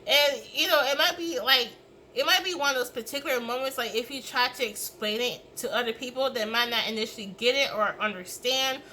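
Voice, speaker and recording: A woman's voice: high-pitched, a little fast, pushed and bright, a little hiss or hum, poor audio. A woman giving a casual tarot reading, rambling and swearing freely as she acts out reactions. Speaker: tarot reader.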